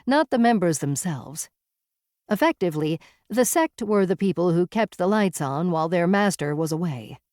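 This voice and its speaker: Wry, low-voiced woman reading a novel. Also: darkish tone, no room sound, studio quality. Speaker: audiobook narrator. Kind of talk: first-person novel narration.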